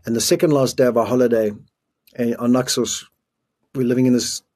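A man's voice: mid-range voice, steady tone, brisk, a little mellow. A middle-aged man from South Africa, a guest telling an emotional story in earnest, often restarting his sentences. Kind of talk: storytelling in a podcast interview.

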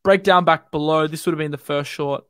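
Australian young man, casual live streamer, slangy and rambling, somewhat high voice, dry close sound. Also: no room sound. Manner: relaxed, rambling, quick and slangy with many fillers. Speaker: crypto streamer. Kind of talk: casual live-stream chat and chart commentary.

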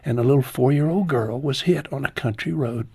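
A man in his sixties speaks as an interview guest, his voice husky and a little breathy. He tells his story slowly and with feeling, sinking low and soft at the hardest parts. The sound is dry and close. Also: dry recording. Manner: slow, heartfelt storytelling, voice dropping low and soft at painful moments. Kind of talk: personal testimony in an interview.

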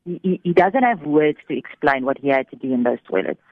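A woman telling a faith story on the radio, animated, giving voice to the people in it. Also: deep voice, a little fast, no room sound. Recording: thin phone-like radio sound.

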